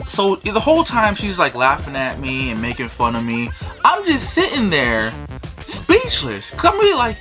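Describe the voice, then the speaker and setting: Animated young man telling a profane story. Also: sits high, fairly quick, soft background music. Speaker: vlogger. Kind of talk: storytime vlog.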